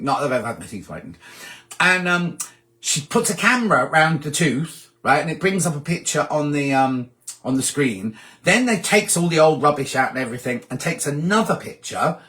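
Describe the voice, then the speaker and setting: A man hosting a sewing livestream, chatting casually and reading out viewer comments with animated asides. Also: fairly high pitch.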